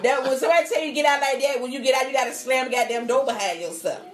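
A woman co-hosting a podcast, teasing the others and swearing freely in loud casual banter. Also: high voice, very fast, roomy sound. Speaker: podcast co-host.

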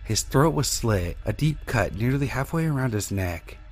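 A man reading a first-person horror story in a steady, measured way as narrator. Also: medium pitch, soft background music.

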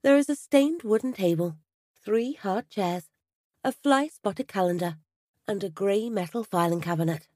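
A woman narrating a story aloud with an expressive reading manner. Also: mid-range voice, a little slow, dry recording.

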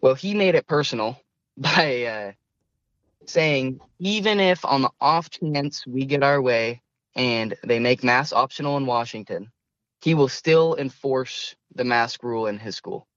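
A young man, a student guest in a conversational interview, speaks earnestly but a bit hesitantly, often restarting his sentences. His voice is mid-range for a man and fairly bright at a measured pace, with slightly dull, lo-fi audio that is dry and echo-free.

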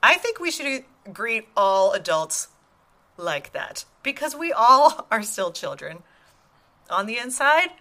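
A woman co-hosting a podcast, giggly, animated and earnest as she talks. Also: fairly high pitch, takes it slowly. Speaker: podcast co-host. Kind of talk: casual podcast chat.

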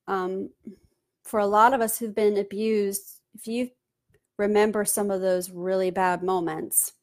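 A woman hosting her own channel, talking through advice in an earnest, conversational way with many fillers. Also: medium pitch. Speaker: channel host giving advice. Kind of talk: casual advice talk to camera.

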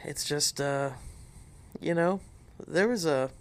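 A man's voice: a little high, slow. A man co-hosting a podcast in casual chat, dry and teasing. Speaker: podcast co-host.

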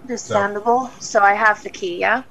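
A woman with a gravelly, creaky voice plays her character in a tabletop game. She speaks in a calm, businesslike way. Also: medium pitch, a little fast, low-quality recording. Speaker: player.

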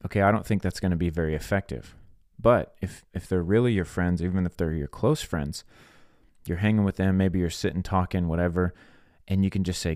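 Deep-voiced earnest male preacher. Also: a little fast, a little mellow, no room sound, studio quality. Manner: earnest, plain-spoken, acts out quoted dialogue. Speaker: podcast host, preacher. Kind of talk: sermon-style podcast teaching.

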